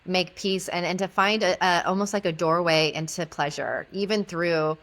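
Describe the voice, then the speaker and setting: A woman's voice: on the low side, moderate pace. A woman guest, an intimacy educator, telling a story in conversation and acting out the dialogue in it. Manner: animated, acts out quoted dialogue.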